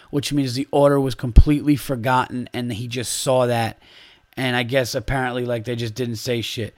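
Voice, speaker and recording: A man hosting his own podcast, ranting in a heated, casual way and swearing freely. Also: medium pitch. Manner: animated, heated ranting with profanity. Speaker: podcast host. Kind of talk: casual solo podcast rant.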